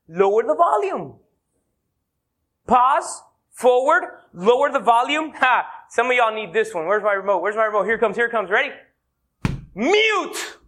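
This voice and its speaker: A man preaching a sermon as a pastor, telling playful stories and slowing down hard to stress his points. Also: high voice. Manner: animated, playful storyteller who slows down for emphasis. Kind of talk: sermon with humorous anecdotes.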